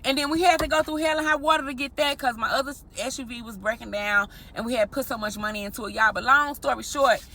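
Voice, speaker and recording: A married woman telling an animated story straight to her viewers in a vlog, often calling them y'all. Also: high voice, quick pace, hardly any pauses. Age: adult, married. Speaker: vlogger.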